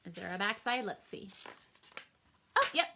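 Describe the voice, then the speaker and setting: A woman's voice: mid-range voice, sing-song, normal speed, sharp tone, a little hiss or hum. A woman teaching a first grade reading lesson for a home recording, upbeat and encouraging in a sing-song teacher manner.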